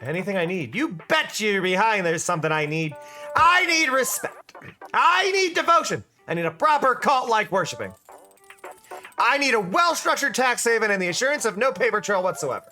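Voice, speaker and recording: A man putting on a bossy old granny, high and shrill, loud and grandly boastful, soft music underneath. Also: big pitch swings, normal speed, heavily acted. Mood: demanding. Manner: brash, boastful and pushy. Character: elderly woman, bossy, vain and demanding. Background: faint music.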